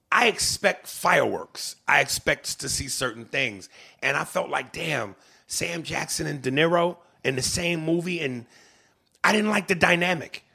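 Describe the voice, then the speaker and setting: A man co-hosting a podcast, talking casually and profanely, with animated swings in his delivery and reading listener mail aloud. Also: mid-range voice, gravelly, breathy edge. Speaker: podcast co-host.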